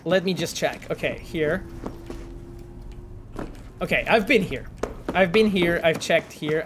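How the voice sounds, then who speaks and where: Male game streamer, high-pitched, animated and profane, faint game sound underneath. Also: slow, pauses often, background noise. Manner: animated, swears often, thinks aloud with many fillers. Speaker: game developer streaming gameplay. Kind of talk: casual livestream commentary.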